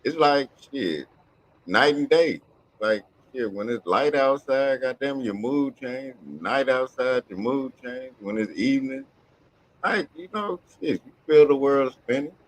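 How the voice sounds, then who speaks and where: A man co-hosting a casual podcast chat, talking in a loose, profane, animated way. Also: medium pitch, a little slow, poor audio. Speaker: podcast co-host.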